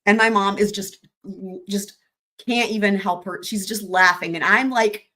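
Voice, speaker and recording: A woman's voice: mid-range voice, steady tone, moderate pace, sharp tone. A young adult woman hosting a livestream, telling a story in casual chat, laughing often and swearing freely. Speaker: livestream host.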